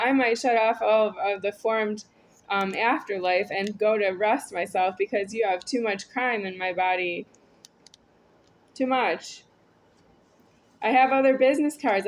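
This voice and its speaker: A woman's voice: fairly high pitch, rough recording. A woman talking in a rambling, disjointed monologue, repeating herself and stumbling through restarts.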